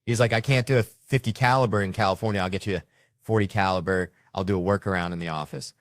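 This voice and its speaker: A man's voice: low-pitched, steady tone, fast, dry recording. A man telling a stand-up story in a rowdy, profane manner, imitating the people in it. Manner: rowdy, profane anecdotes with mimicked voices. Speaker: stand-up comedian.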